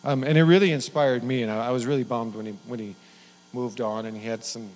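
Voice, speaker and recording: A man's voice: medium pitch, steady tone, a little fast, darkish tone. Folksy man preaching in a reverberant hall. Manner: rambling, folksy, full of restarts. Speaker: pastor. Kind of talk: sermon.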